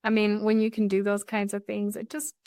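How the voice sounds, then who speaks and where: Woman co-host, mid pitch, chatty and agreeable, dry sound a bit off-mic. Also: completely flat delivery, fairly quick, warm tone, no room sound. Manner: chatty, laughs easily, agreeable. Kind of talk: casual podcast chat.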